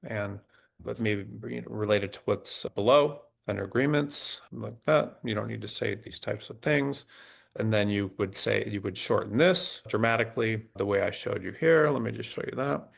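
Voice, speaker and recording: Gravelly low-voiced man coaching on resumes. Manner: halting, restarts while typing prompts on screen. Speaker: legal recruiter hosting a resume workshop. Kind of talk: live webinar walkthrough, thinking aloud.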